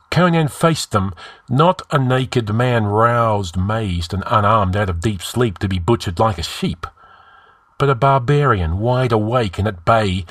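A man reading a heroic fantasy story aloud in a measured, dramatic style. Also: on the low side, fairly bright tone, dry recording, studio quality. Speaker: story narrator.

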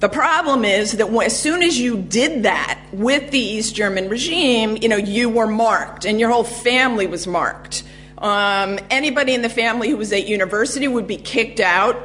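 A fairly high-pitched woman lecturing on history, recounting events in a measured, storytelling way with plenty of ums. A faint hum sits under her voice. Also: fairly bright tone. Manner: measured storytelling with frequent fillers.

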